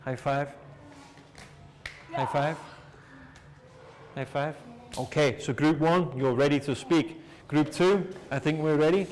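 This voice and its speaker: Slow, encouraging male teacher. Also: fairly high pitch, fairly even intonation, a little mellow. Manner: slow, clear, encouraging, counts aloud. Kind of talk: classroom teaching, call-and-response drills. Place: classroom with students.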